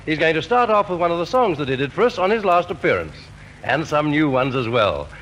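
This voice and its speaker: A man's voice: fairly high pitch, very animated, brisk, a bit bright, poor audio. A man compering a 1950s radio variety show in a hearty, jovial, chatty way. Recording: old radio recording with faint hiss.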